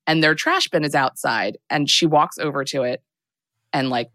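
Casual podcast host, young woman, low and dry, rambles through a film recap with lots of fillers. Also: normal speed, fairly bright tone, dry recording.

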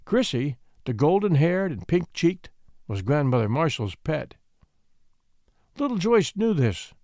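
A man narrating a classic storybook in an expressive, gently measured way. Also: a little high, no echo, clean studio sound.

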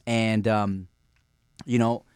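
A man's voice: on the low side, little pitch movement, extremely slow, clear, resonant tone, no room sound, clean studio sound. A man from Long Beach, California, hosting a podcast with loose, playful, profanity-laced casual chat. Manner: loose, playful, swears freely. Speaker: podcast host.

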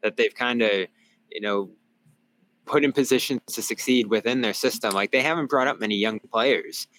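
A man's voice: medium pitch, normal speed, a bit bright, poor audio. A man, a sports reporter on a podcast, giving casual game analysis in a rambling way with many fillers and restarts, calling in remotely.

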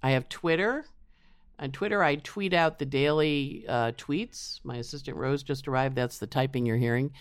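A woman's voice: very deep voice, moderate pace, clear, resonant tone, dry recording. A woman astrologer chatting in an interview, rambling with many restarts. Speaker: astrologer guest. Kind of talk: casual interview chat.

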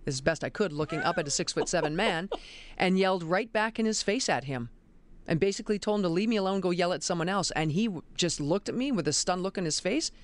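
A middle-aged woman, a college basketball referee, telling lively stories in an interview. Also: on the low side, fast talker, dry recording. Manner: animated, emphatic storyteller. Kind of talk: interview storytelling.

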